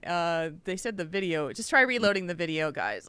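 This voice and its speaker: A woman's voice: lowish voice, brisk, clean tone. A woman co-hosting a casual gaming podcast, telling a story with lots of laughter and acted-out quotes. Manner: animated storytelling, laughs often, acts out quotes. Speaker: podcast co-host.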